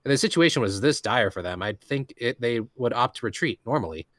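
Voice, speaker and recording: A man reading first-person light novel narration in a relaxed, casual way, with jokey asides. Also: medium pitch, brisk, no room sound, studio quality. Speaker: reader of the main narrator.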